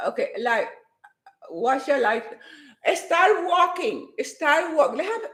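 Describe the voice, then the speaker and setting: A woman's voice: sits high, expressive, slow pace, a bit bright, roomy sound. A woman giving a hyper, emphatic motivational talk to her live-stream viewers, repeating her points with force.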